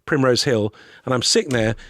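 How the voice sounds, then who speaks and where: A man in a casual podcast chat, telling lively anecdotes full of swearing and asides. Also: medium pitch, a little fast, dry recording, studio quality. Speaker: podcast guest, comedian.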